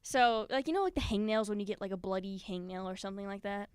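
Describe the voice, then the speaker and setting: A woman's voice: mid-range voice, fast talker, clean tone, no room sound. Nervous, giggly woman telling a story. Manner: nervous and giggly, with animated acted-out quotes. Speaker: spoken word performer. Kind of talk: personal story told live on stage. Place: stage at a live community event.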